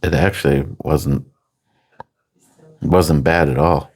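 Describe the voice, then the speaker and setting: Male co-host of a beer review, low and unhurried, laid-back with a joking edge. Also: steady tone, a little mellow, slightly rough. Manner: joking, reads viewer comments aloud. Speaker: beer review co-host reading chat comments. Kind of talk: casual chat.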